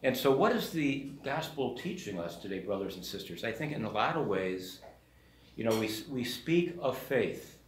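A man's voice: mid-range voice, big pitch swings, moderate pace, slight background noise. A man, a parish priest, giving a sermon in a conversational storytelling manner and briefly acting out the voices in the story. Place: church. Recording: echoey church room.

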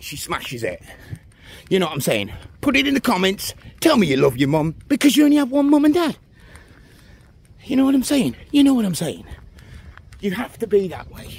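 A man's voice: extremely high pitch, gravelly, husky. A man chatting on a casual walk-and-talk vlog while out of breath, filmed outdoors on a phone as he walks along a village road. He keeps asking the viewer "you know what I mean". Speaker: vlogger.

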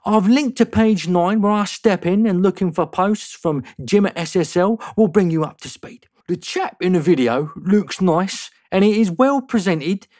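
A condescending male executive reads his letter in a lifted, pointed voice, lingering on every jab. A man puts on this mock accent over his normal speaking voice. The delivery is measured and superior, pitched well above the performer's own voice. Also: mellow, no room sound, studio quality. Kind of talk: reading an email aloud in a mock voice.

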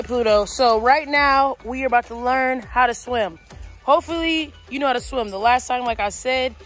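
A woman talking excitedly in a casual vlog. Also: on the high side. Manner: animated, excitable talk. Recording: background music over the voice. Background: music.

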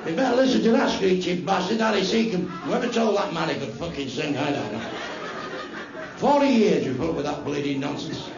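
Performing live stand-up in a comedy club, a man from England hurls crude swearing and insults at audience members. His high-pitched voice has vocal fry, and the dull, echoey recording carries crowd laughter and a noisy background.

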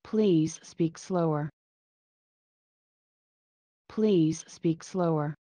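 A woman reading short English phrases twice each for learners, careful and even. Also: low voice, extremely slow, no room sound. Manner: careful, evenly paced reading aloud.

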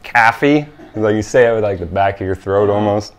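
Midwestern American man, relaxed and chatty, lowish voice. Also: fast talker. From Wisconsin, USA. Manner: relaxed, chatty, hesitant fillers. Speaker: guest. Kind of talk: casual chat and word reading.

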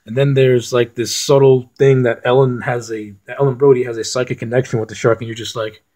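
A man's voice: mid-range voice, flat delivery, fairly quick, mellow. A man reviewing films in a casual rant, blunt and profane, often restarting his sentences. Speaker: film reviewer.

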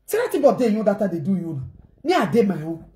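A woman's voice: mid-range voice, big pitch swings, rapid-fire. A woman speaking Nigerian Pidgin English, telling a family story to her viewers in a dramatic way and acting out the voices of others. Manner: dramatic, acts out quoted voices, swings between shouting and murmuring. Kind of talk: animated storytelling.

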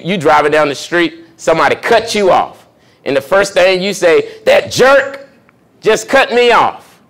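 A young adult man, a pastor, giving a conversational sermon and checking in with the congregation with questions. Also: mid-range voice. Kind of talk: sermon teaching.

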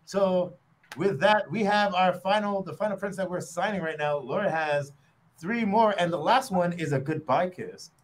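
A man's voice: high voice, normal speed. A man hosting a live stream, upbeat and hyping up the audience. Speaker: host.

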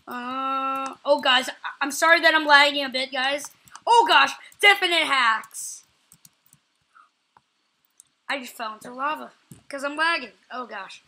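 A woman giving live gameplay commentary as a channel host, excitable, repeating phrases over and over and yelling out when she catches something. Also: high voice, measured pace, pauses often.

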